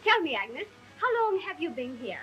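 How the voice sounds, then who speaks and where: A refined lady gushes theatrically in a 1930s screen comedy. Her voice sits high and bright, rising and falling in a sing-song way. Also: very animated, moderate pace, soft background music, exaggerated voice, rough recording. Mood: gushing. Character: gushing genteel lady renting a house. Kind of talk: 1930s film comedy acting.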